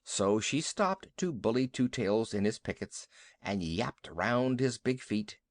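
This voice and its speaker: A man narrating a classic children's story in an expressive storytelling manner. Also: on the low side, unhurried, dry recording. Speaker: audiobook narrator. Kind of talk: scripted audiobook narration.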